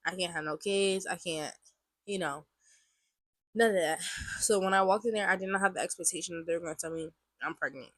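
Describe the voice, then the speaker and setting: A woman's voice: fairly low pitch, a little fast, a bit bright, dry recording. A woman in her twenties, sounding congested, casually telling a personal testimony to camera and often repeating herself. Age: 20s. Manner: rambling, repeats phrases, many likes. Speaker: vlogger sharing a testimony.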